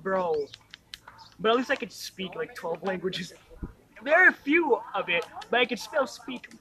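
A man's voice: sits high, very animated, unhurried, pushed and bright. A man with a lisp, chatting casually about games with lots of swearing and laughter. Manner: profane, laughing banter. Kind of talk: casual gaming chat.

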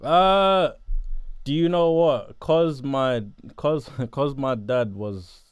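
A young man from southeast London with a South London accent, chatting casually in an interview, laid-back and quick to laugh. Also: medium pitch, clean tone, no echo. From Botswana, raised in southeast London.

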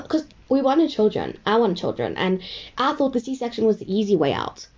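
Rambling woman, mellow voice. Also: fairly high pitch, wildly swooping pitch, moderate pace, lo-fi sound. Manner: rambling, chatty, heavy use of "like". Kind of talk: casual storytelling.

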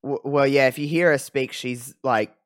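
A man's voice: medium pitch, fairly even intonation, normal speed, no room sound, clean studio sound. A man in his twenties with an Australian accent, co-hosting a casual chat over a video call and hesitating with plenty of fillers. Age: 20s. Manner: hesitant, rambling, filler-heavy. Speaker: podcast co-host.

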